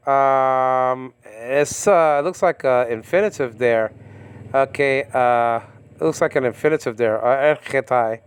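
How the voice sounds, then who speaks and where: Halting man teaching Greek, many okays. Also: medium pitch, clean tone, no room sound. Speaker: Bible teacher. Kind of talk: informal verse-by-verse language lesson.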